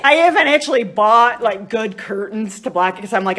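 A woman's voice: fairly high pitch, animated, moderate pace, a bit bright. Woman chatting through a retreat talk. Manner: conversational, chatty storytelling with frequent "you know" and "right?". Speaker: retreat speaker. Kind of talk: live retreat talk to a group.

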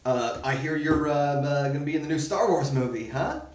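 A man doing an impression of a dry, low-key talk-show interviewer asking slow questions. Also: roomy sound, recorded from a distance, a little hiss or hum, natural voice. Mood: deadpan.

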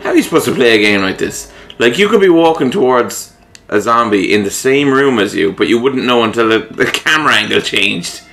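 A man's voice: medium pitch, lively intonation, fairly quick, creaky, a bit bright, faint music behind. A man co-hosting a casual game playthrough, making sarcastic remarks and laughing often. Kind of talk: casual let's-play commentary.

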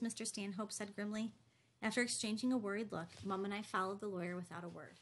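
A woman reading a novel aloud in steady first-person narration. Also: medium pitch, fast talker, slight background noise. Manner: steady storytelling delivery. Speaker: audiobook narrator.

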